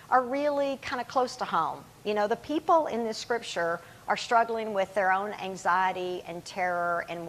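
A woman's voice: mid-range voice, fairly bright tone, low-quality recording. Woman preaching a conversational sermon. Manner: conversational, informal asides. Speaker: guest preacher.

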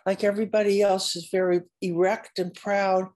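An older American woman, an artist telling stories at a symposium, speaking in a halting, searching way with frequent restarts and occasional coughs. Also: mid-range voice, flat delivery, darkish tone. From United States. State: coughing at times. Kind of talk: unscripted conversation.

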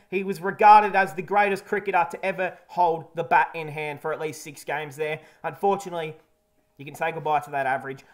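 A man hosting a casual cricket match review, talking candidly and jokingly with some blunt swearing. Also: sits high. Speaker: cricket video host.

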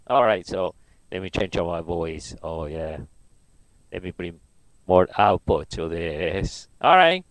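Brief: relaxed male co-host, low and animated, hands-on demo chat. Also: slow pace, long reverb tail. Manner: relaxed, talking while fiddling with gear. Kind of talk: casual livestream demo.

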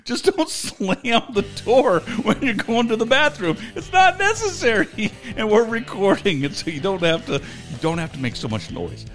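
Animated storytelling man, lively pitch. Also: moderate pace, hardly any pauses, soft background music. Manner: animated, laughing often while telling a story. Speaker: podcast co-host. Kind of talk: casual storytelling chat.

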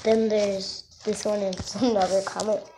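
A female vlogger shows her drawings one by one in an unhurried, halting voice. She sounds self-conscious and keeps apologizing for her work. Her mid-pitched voice comes through a noisy home recording. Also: flat delivery. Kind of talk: casual show-and-tell.

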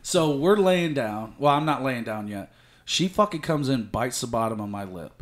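A man's voice: mid-range voice, animated, normal speed. A young man telling a crude, profane story in a casual podcast chat. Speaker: guest storyteller.

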